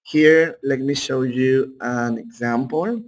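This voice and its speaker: Male English teacher, Peruvian Spanish accent, slow and steady lecture pace, mid-pitched, keeps checking in with students. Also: slight background noise, low-quality recording. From Peru. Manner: unhurried, checks in with "okay?". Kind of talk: online class lecture.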